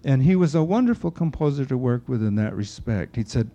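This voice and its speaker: A man's voice: mid-range voice, fairly quick, hardly any pauses. An older man, an opera director and vocal coach, telling backstage anecdotes and acting out the voices of the people he quotes. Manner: animated storyteller who acts out quoted voices. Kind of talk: storytelling talk with anecdotes. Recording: dull lo-fi recording.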